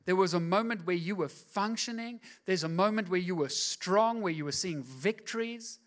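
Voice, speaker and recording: A man with a fairly high voice preaches a sermon in church. He moves between soft, confiding asides and loud, driving exhortation. He acts out the voices in his stories as he goes. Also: normal speed. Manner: acts out voices in quoted dialogue. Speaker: pastor. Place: church service.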